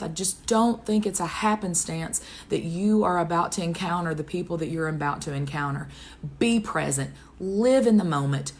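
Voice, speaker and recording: A woman speaking as a devotional speaker, telling a personal testimony in an earnest, conversational way and closing with a prayer. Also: lowish voice. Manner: earnest, conversational storytelling with wide swings in pace.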